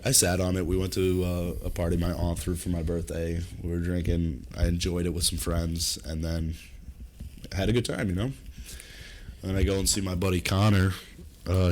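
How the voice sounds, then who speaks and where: Young man, low voice, animated storyteller, podcast co-host, faint background noise. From US East Coast. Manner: animated, acts out his own panic in a high strained voice. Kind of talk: casual storytelling chat.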